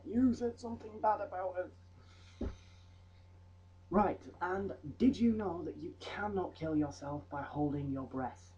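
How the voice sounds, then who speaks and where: Jokey young man, mellow tone. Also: mid-range voice, muffled recording, slight background noise. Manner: jokey, rambling asides, mock voices. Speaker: vlogger. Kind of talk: comedic fact vlog.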